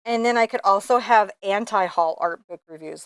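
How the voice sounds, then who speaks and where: A middle-aged woman chatting in an opinionated, animated way while teaching a painting lesson. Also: medium pitch, normal speed, clear, resonant tone, no echo. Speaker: painting instructor. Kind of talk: casual painting lesson chat.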